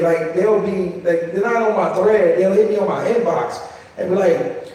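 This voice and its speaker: A man's voice: high voice, normal speed, warm tone. Earnest man in an echoey hall. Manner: earnest, conversational, repeats words as he speaks. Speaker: poet on a discussion panel. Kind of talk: candid panel talk. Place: event hall with an audience. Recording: echoey hall, mic heard from a distance.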